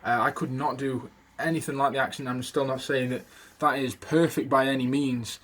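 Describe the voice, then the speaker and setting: A man's voice: medium pitch, fairly even intonation, moderate pace, fairly bright tone, a little hiss or hum. Man rambling through a voice tutorial. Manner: rambling, with many fillers and restarts. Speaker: video creator teaching impressions. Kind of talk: casual spoken tutorial.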